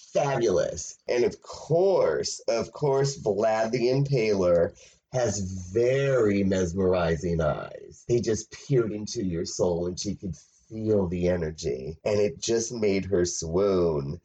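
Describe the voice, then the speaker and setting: A man's voice: fairly low pitch, darkish tone. A man hosting a casual commentary, talking in a sarcastic, mocking way and laughing often. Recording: dull lo-fi sound.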